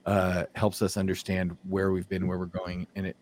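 Blunt low-voiced male podcast host. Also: monotone, moderate pace, darkish tone. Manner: blunt, storytelling, laughs often. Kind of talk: casual opinionated chat.

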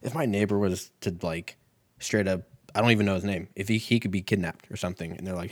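Man in his 30s, low voice, dry close sound, crude rambling solo podcast host, self-mocking. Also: fast talker, no echo. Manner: crude, profane, self-mocking, tangent-prone. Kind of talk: rambling casual monologue.

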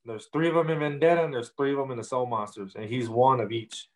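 A man's voice: medium pitch, steady tone, fast, low-quality recording. A young man, a rapper, telling his story in a casual interview in loose street slang full of fillers.

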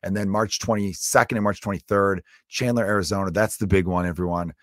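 A male comedian talking solo on his podcast, loose and rambling with jokey asides. His voice sits a bit low, and the sound is dry and close with no room around it. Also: fairly quick, no room sound. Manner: rambling, joking, animated asides.

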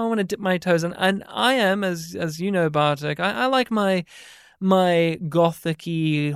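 A man's voice: on the high side, smooth, no echo, studio quality. A man co-hosting a casual film podcast, chatty and rambling, drawing out his words. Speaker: podcast co-host.

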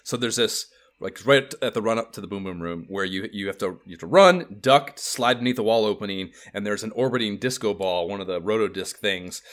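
A man co-hosting a casual podcast chat, animated and profane, rambling as he talks. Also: fairly low pitch, brisk. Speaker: podcast co-host.

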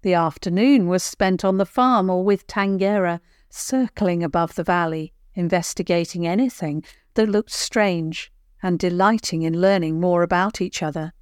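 An older woman narrates a children's story in a gentle, measured way. Her voice sits a little low, and the recording is close and dry. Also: smooth, no room sound.

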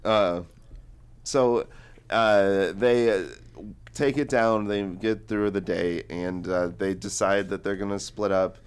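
A man's voice: on the low side, steady tone, slow, clear, resonant tone. A man in his twenties co-hosting a book podcast, rambling casually with lots of filler words. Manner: rambling, heavy use of "like". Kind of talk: casual chat.

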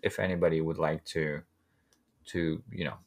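A man's voice: a bass voice, flat delivery, moderate pace. A man co-hosting a podcast in casual chat, playful and teasing. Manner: playful and teasing, jumps into silly voices. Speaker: podcast co-host.

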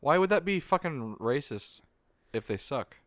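A young man co-hosting a casual podcast, swearing freely and swinging his pitch widely. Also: very animated, a little slow, a bit bright, dry recording, clean studio sound. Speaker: podcast co-host.

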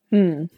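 A woman's voice: no echo, narrow, tinny audio. A woman playing a tabletop game, teasing and playful in her banter. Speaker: player. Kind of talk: comedic tabletop role-play banter.

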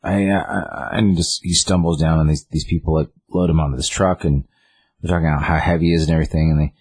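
A man casually recapping a plot, rambling and peppering his talk with quoted lines. His voice sits very low and is somewhat husky. The sound is dry and close to the mic. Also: level tone, fast talker, darkish tone, no echo. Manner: rambling, with many fillers and "he's like" quotes.

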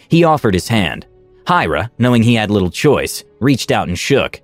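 A man narrating a fantasy story in an expressive, animated reading style. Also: lowish voice, moderate pace, dry recording, faint music behind.

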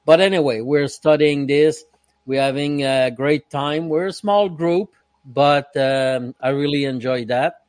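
A man from Canada chatting slowly and carefully on a video call, leading a Bible study and laughing easily. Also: a little high, darkish tone, no echo. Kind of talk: casual online roundtable chat.

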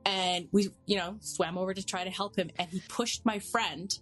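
A woman's voice: mid-range voice, normal speed, soft background music. Chatty woman podcast co-host. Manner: chatty, animated storyteller. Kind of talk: casual chat.

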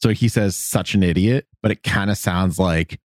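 A man's voice: low voice, normal speed, dry recording, clean studio sound. A man in his thirties co-hosting a podcast in casual chat, playful and jokey. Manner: playful, jokey, animated storyteller. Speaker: podcast co-host.

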